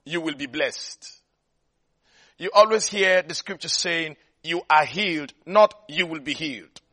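A man preaching in a strikingly high voice with a bright, forceful edge. He hammers his points through repetition and keeps stopping to ask whether his listeners are following him. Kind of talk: sermon.

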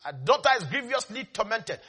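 A man preaching who acts out a desperate mother crying out loudly for mercy for her daughter. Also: sits high, very animated, fairly quick, husky, exaggerated voice. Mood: pleading. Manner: wailing shouts. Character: desperate mother pleading and screaming for help.

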